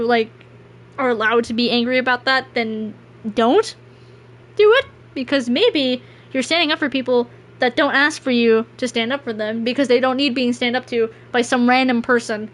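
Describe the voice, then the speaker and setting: Rambling woman streamer, higher voice. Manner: rambling, self-deprecating, restarts often. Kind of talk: casual gameplay stream chat.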